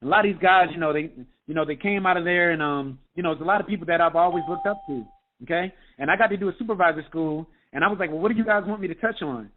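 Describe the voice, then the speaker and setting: A man, a health coach, giving an energetic motivational talk on a group call, often checking in with "okay?". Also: fairly high pitch, quick pace. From United States. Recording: tinny phone line.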